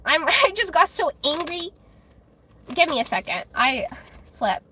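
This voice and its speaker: A woman livestreaming, ranting angrily to her chat, with halting restarts and repeated words. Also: sits high, very animated, bright, forceful tone, a little hiss or hum. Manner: angry, heated ranting with swearing.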